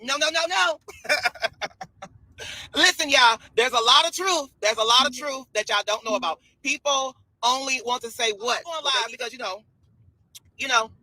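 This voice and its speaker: A man's voice: very high voice, measured pace, long pauses, sharp tone, no echo, poor audio. A man ranting on a livestream in a sassy, scolding way, repeating himself. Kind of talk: livestream rant.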